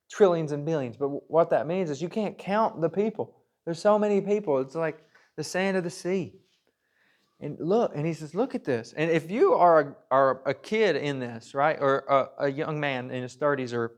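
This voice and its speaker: A man with a somewhat high voice preaches in a church, reading verses aloud and then unpacking them in his own words. His delivery is earnest, swelling to loud emphasis and then sinking to near-hushed pleas. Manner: earnest, reads scripture then expounds, swings between loud and hushed. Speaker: pastor. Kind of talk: sermon.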